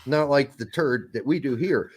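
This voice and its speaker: A man's voice: mid-range voice, moderate pace, breathy edge. A man co-hosting a soccer podcast in casual chat, blunt and profane. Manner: blunt, profane, jumps into mock voices. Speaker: podcast co-host.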